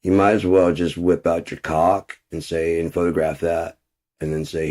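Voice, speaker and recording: A man with a very low, deep voice ranting into the camera. He swears in nearly every sentence and drops into muttered asides between his complaints. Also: flat delivery, moderate pace, a little mellow. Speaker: vlogger. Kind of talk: profane ranting monologue.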